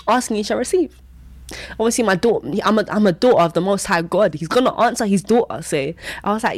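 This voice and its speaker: A young woman giving a candid personal testimony in casual speech. She repeats herself often and breaks into sudden high exclamations. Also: expressive, a little fast, dry recording. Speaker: Christian vlogger sharing testimony.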